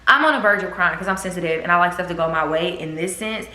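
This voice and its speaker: A woman vlogger tells a storytime in an animated, fast way, swearing and acting out quotes. Her voice is on the low side. The room sounds echoey.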